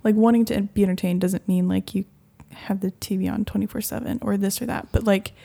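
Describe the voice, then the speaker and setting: A woman co-hosting a casual faith chat, speaking haltingly with many ums and filler words. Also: mid-range voice, fairly even intonation, creaky, dark tone. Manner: hesitant, halting with ums and likes.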